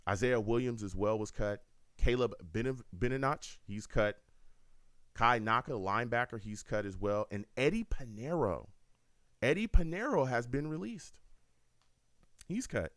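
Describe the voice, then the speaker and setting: A man's voice: mid-range voice, normal speed, no echo, studio quality. A man hosting a live call-in sports talk stream, talking in an emphatic way. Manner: animated, emphatic. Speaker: host.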